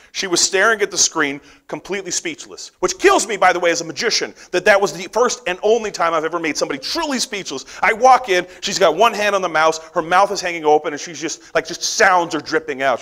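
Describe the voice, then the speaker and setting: A middle-aged American man telling a story during a conference talk, acting out the dialogue with lively, animated delivery. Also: fairly high pitch. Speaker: conference speaker.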